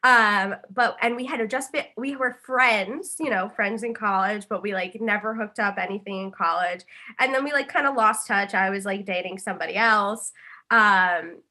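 Bright chatty young woman. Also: medium pitch, normal speed. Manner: chatty, storytelling with lots of fillers and laughs. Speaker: guest. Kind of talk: casual podcast chat.

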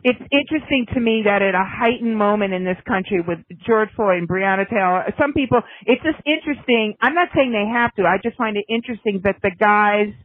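A woman co-hosting a podcast in casual chat, opinionated and snarky, talking in quick bursts. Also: medium pitch, no room sound. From United States. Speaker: podcast co-host. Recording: tinny phone-like line.

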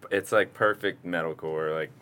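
A man's voice: deep voice, steady tone, moderate pace, bright, forceful tone. A man co-hosting a podcast in casual chat, making dry, teasing quips. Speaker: podcast co-host.

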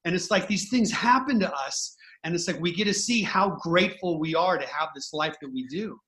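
Earnest man with a higher voice. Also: fairly quick, a bit bright. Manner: earnest and heartfelt, a grateful tone. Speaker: host and band musician. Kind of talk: casual podcast chat.

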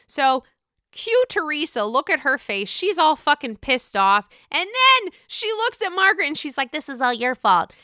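Woman, casual vlog recap, gossipy, swears a lot, bright voice, dry close sound. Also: sits high, moderate pace, no room sound. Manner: gossipy, profane, animated reactions. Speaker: reality TV recapper.

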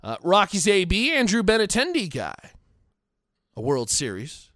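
A man's voice: sits high, wildly swooping pitch, a little slow, fairly bright tone, dry recording, clean studio sound. A man hosting a sports podcast, giving blunt opinions and reading out fan comments with frequent restarts. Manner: opinionated, digressive, repeats himself. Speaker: podcast host.

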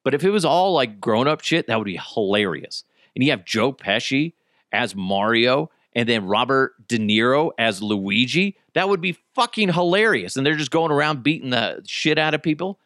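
A man's voice: mid-range voice, moderate pace, no room sound, clean studio sound. A man hosting a podcast, chatting casually and rambling, with frequent swearing. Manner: animated, profane, rambling. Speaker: podcast host. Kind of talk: casual comedic chat.

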